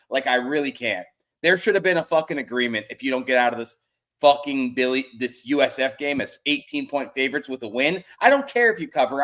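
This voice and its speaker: A man's voice: a little high, fairly bright tone. Guy co-hosting a betting pod, blunt and sweary, leans hard on his points. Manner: blunt, profane, emphatic. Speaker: sports betting podcast co-host. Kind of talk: casual chat.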